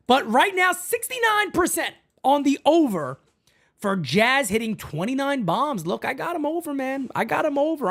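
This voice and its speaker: Woman hosting a sports fan stream from her home setup, voice jumps all over, hyped and chatty, lots of "man" and "folks". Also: mid-range voice. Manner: excitable, chatty, says "man" and "folks" a lot. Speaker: fan channel host. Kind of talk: casual live-stream sports chat.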